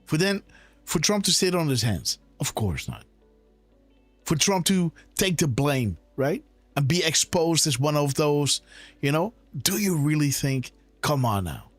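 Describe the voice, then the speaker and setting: This host of a live decode show runs a political commentary program, pressing his points with rhetorical questions and turning often to his audience with "guys" and "right?". His voice is on the high side and sing-song, a little slow, with no echo and soft music underneath.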